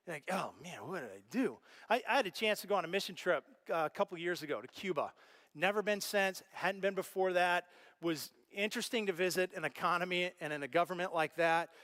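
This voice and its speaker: A man preaching a sermon as pastor, telling stories with lively, animated reactions. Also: high-pitched, a little fast. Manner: animated storyteller, acts out his own reactions.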